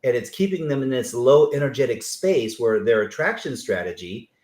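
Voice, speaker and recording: A man hosting an interview, telling stories in an animated way and acting out the people he quotes. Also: mid-range voice, moderate pace, echoey room. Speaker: host. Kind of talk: conversational interview.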